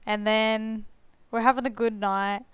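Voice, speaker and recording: A woman's voice: on the high side, level tone, a little slow, clear, resonant tone, no echo, muffled recording. A young adult woman streamer telling a story casually while playing a game, chatty and swearing freely, full of "like" fillers.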